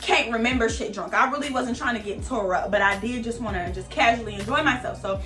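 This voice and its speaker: A young woman telling a story in a casual, slangy vlog, animated and chatty. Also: on the high side, fast, reverberant, soft background music. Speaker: vlogger.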